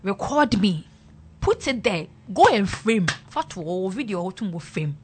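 A woman's voice: mid-range voice, big pitch swings, unhurried, a little mellow, slightly rough. A woman hosting a radio talk, playful and teasing, turning serious. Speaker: radio host. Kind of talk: casual talk, mixing English and local language.

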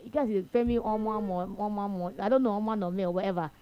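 A young woman with a Nigerian accent hosting a casual football talk show, animated, mixing Pidgin slang and repeating phrases for emphasis. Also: mid-range voice, fast. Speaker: sports talk host.

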